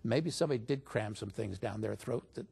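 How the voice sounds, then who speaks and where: Male interview guest, husky and gravelly, conversational storyteller who voices quotes higher. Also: a little fast. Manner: animated retelling, pitch jumps up when quoting others.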